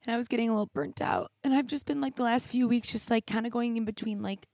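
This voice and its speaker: On a studio mic with headphones, a young podcast host talks alone with emotion, her voice on the high side, quick, creaky and a little mellow. She's frank and introspective, occasionally near tears, leaning heavily on "like," and the sound is clean with no echo.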